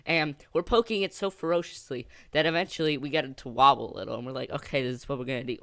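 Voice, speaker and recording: Chatty young man with a smooth voice. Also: medium pitch, fast talker, dry recording, clean studio sound. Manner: rambling, excitable storytelling with many fillers. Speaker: gaming channel host. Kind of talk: story time narration over gameplay.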